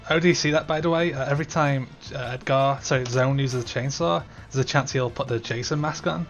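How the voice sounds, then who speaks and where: A man playing through a game on stream, chatting casually and reacting out loud to the game. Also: medium pitch, fairly quick, dull audio, faint music behind. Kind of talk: let's-play commentary.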